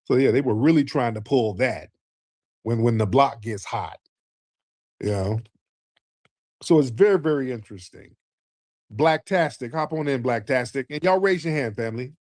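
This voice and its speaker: A man hosting a call-in news talk show in a casual commentary style. He talks emphatically and gets animated, his pitch climbing when he is indignant. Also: moderate pace, long pauses, no echo, clean studio sound.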